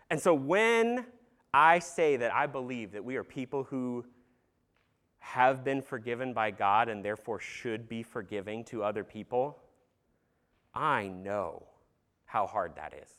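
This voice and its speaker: A man's voice: mid-range voice, animated, unhurried, long pauses, a bit bright. A man preaching an earnest sermon in a conversational way, with casual fillers and some humor. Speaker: pastor.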